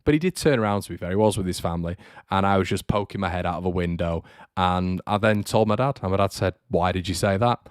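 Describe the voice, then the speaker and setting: A man's voice: deep voice, quick pace, clear, resonant tone, no echo, studio quality. A young man hosting a fan channel livestream, chatting in a rambling way and reading out viewer comments. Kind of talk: casual livestream chat.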